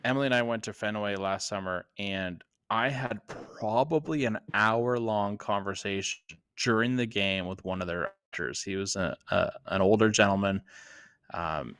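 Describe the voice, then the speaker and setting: A man co-hosting a sports podcast, telling a story in a casual, halting way. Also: fairly low pitch, bright, forceful tone, clean tone, no room sound, clean studio sound. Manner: hesitant, many restarts and fillers. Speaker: podcast co-host.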